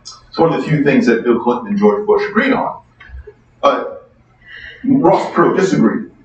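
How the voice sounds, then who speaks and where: Animated lecturer in an echoey hall. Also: male voice, mid-range voice, moderate pace. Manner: animated, conversational, asks the class questions. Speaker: economics lecturer. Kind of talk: university lecture. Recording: distant echoey hall, dull sound.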